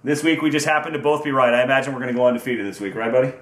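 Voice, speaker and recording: A man's voice: mid-range voice, steady tone, rapid-fire, fairly bright tone, a little hiss or hum. A man hosting a casual football predictions video, upbeat and teasing, stretching out team names for fun. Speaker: host of a sports picks video. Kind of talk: casual sports predictions chat. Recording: echoey room.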